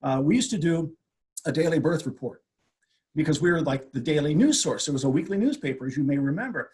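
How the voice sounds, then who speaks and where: Man, 60s, radio host, husky, a bit high, storytelling. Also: brisk. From USA. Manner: animated anecdote teller. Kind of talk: storytelling interview.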